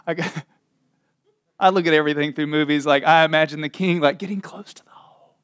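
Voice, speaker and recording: A man preaching a sermon, reading scripture slowly and dramatically, then retelling it with laughs and casual asides. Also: on the high side, clear, resonant tone, no echo, clean studio sound. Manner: animated storytelling with frequent laughs and asides.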